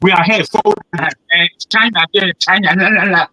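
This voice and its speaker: A man's voice: high voice, fairly even intonation, normal speed, sharp tone, dry recording, rough recording. A man from Nigeria, hectoring a panel with heated rhetorical questions. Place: living in the West.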